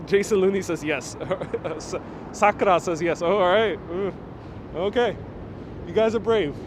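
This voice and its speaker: A young man with a New York accent, his voice high-pitched and a little slow, hosts a casual livestream while walking down a city street, cracking jokes and reading viewer comments aloud. He wears a wireless clip-on mic, and loud traffic roars behind him.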